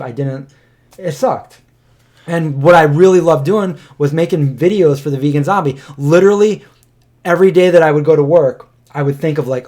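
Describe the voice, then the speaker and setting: A man's voice: on the high side, a little mellow. A man in his thirties co-hosting a casual livestream podcast, rambling through a personal story and acting out what people said. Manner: rambling storyteller, acts out quotes. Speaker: podcast co-host.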